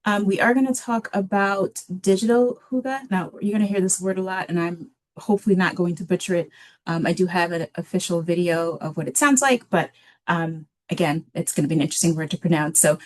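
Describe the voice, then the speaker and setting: A woman presenting a library webinar in a relaxed, casual way, with many filler ums. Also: fairly low pitch, fairly quick.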